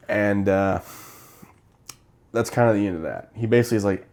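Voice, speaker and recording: Young male co-host, low and mellow, rambling casual movie recap, acts out the characters' lines. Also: steady tone, fast. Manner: rambling plot recap full of fillers, acting out characters' lines. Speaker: co-host of a movie review show. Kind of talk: casual chat retelling a film.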